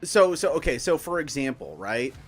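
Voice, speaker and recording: A man's voice: mid-range voice, big pitch swings, moderate pace, breathy edge. Guy streaming and explaining stuff, keeps restarting sentences, faint music in the back. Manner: rambling, many fillers and restarts. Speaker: streamer teaching astrology. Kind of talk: casual explanatory chat while gaming.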